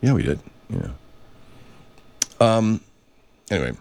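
Deep-voiced, profane middle-aged male podcast host. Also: sing-song, takes it slowly, creaky, darkish tone. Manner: rambling, profane, many restarts. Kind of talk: casual reflective monologue.

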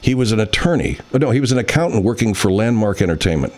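A man with a low voice that swings widely up and down, hosting a loose podcast pre-show. He rambles, swears freely and pokes fun at himself. It sounds like a home studio with a mixing board. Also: big pitch swings, fast, darkish tone, soft background music. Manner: rambling, profane, self-deprecating. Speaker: podcast host. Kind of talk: casual pre-show chat.

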